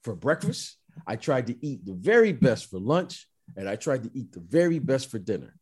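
A middle-aged man telling stories in a casual chat, emphatic and animated, often repeating the listener's name. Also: medium pitch, normal speed, breathy edge. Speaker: former basketball player, guest.

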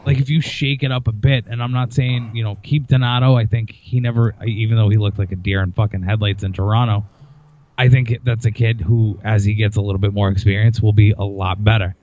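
A man's voice: on the low side, fairly even intonation, fairly quick, phone-quality sound. A man on a podcast in casual sports chat, blunt and heavy on swearing, ranting with heat. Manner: blunt, profane, heated ranting. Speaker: podcast co-host.

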